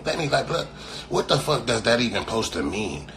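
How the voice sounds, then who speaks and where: A man's voice: mid-range voice, big pitch swings, fairly quick, background noise. A man from California talking casually to viewers, rambling and profane, full of slang and repeated phrases. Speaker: streamer. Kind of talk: casual rambling live talk.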